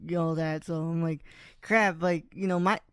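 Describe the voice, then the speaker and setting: A man from South Texas with a South Texas accent, a native Spanish speaker, hosting a podcast in a relaxed chat full of "you know.". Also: fairly high pitch, fairly quick, clear, resonant tone, dry recording, clean studio sound. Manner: relaxed, loose, many "you know" fillers. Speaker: podcast host. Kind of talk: casual interview chat.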